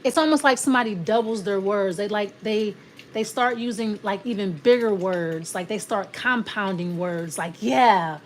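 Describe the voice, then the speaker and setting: A woman's voice: mid-range voice, normal speed, a little hiss or hum. A woman giving a casual, rambling tarot reading, often restarting her sentences and acting out imagined back-and-forth exchanges. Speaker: tarot reader.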